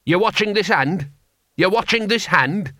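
A man's voice: mid-range voice, lively intonation, normal speed, sharp tone, no echo, clean studio sound. A man voicing an eager, boastful, arthritic old barbarian.

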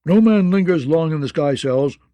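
A man voicing a stern, gruff male lord who growls his contempt. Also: fairly high pitch, lively intonation, normal speed, dark tone, dry recording, lo-fi sound, voice pushed up, close to an everyday voice. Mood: grim. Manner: growling, scornful.

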